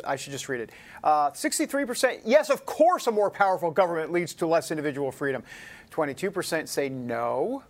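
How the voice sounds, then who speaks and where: Animated, chatty male talk show host. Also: sits high. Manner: chatty, joking asides, animated. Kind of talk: casual political talk show.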